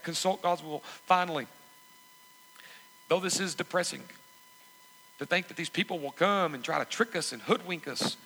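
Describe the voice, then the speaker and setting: A man preaching from the pulpit in a church sanctuary, his bright voice sitting a touch high. He hammers each point with repeated phrases and climbs to loud calls to the congregation. The sound rings with the long reverb of a big hall. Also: gravelly, slightly rough. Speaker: pastor. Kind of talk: sermon.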